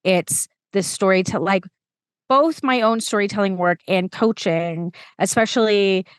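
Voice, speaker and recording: A woman talking as a guest on a podcast, eager and animated, jumping between asides. Her voice sits in a middle range. The sound is dry and close, with no room around it. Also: medium pitch, clean tone, no echo. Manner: animated, enthusiastic, quick asides. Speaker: storytelling coach, podcast guest. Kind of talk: casual conversation.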